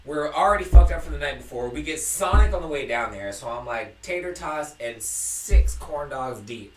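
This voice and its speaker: A man's voice: fairly high pitch, normal speed. A young man telling a rowdy story in casual chat on a live stream. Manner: animated, laughing storyteller. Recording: echoey room, mic at a distance.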